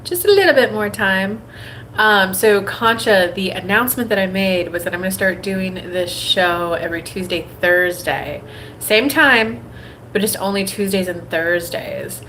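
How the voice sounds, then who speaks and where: A woman hosting a live spiritual reading show, talking conversationally and acting out quoted inner voices in a brighter tone, often repeating phrases in a rhythmic way. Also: mid-range voice, a little slow, slight background noise, low-quality recording. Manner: repetitive and rhythmic when making a point. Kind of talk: livestream talk with a channeled-style message.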